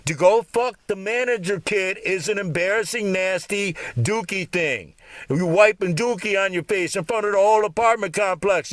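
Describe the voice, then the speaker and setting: A vlogger with a voice that sits high speaks at a moderate pace, no echo, delivering an angry, profane, mocking monologue straight to the camera. He starts loud and heated, then turns quieter and more lecturing.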